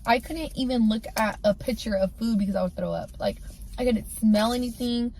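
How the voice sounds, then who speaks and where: Candid rambling woman, fairly high voice. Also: normal speed, a little mellow, slight background noise. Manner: candid, rambling, heavy use of "like". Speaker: storyteller sharing a personal story. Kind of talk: casual storytime.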